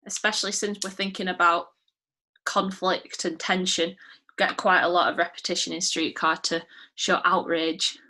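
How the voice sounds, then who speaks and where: A young woman teacher from England leads an online English lesson. She talks in a chatty, encouraging and informal way, with a bright, clear voice. The sound comes over a video call. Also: fairly low pitch, flat delivery, normal speed.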